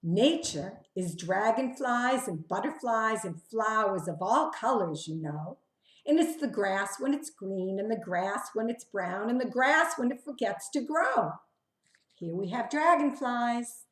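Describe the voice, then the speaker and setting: A woman reading a picture book aloud to young children, asking them questions and leading hand games in a gentle, coaxing way, sometimes dropping to a whisper. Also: a little high, lively intonation. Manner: drops to a whisper at times, sings slowly. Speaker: children's storyteller. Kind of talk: interactive children's story reading. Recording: roomy echo.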